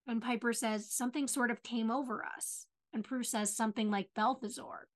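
A woman co-hosting a podcast, casually recapping a TV episode and retelling scenes with animated, cussing commentary. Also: fairly high pitch, normal speed, hardly any pauses. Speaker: podcast co-host.

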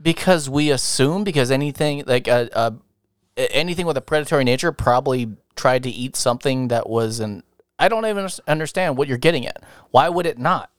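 A man's voice: mid-range voice, brisk, clear, resonant tone, dry recording, clean studio sound. A man in casual banter who tells stories animatedly and mimics the people in them.

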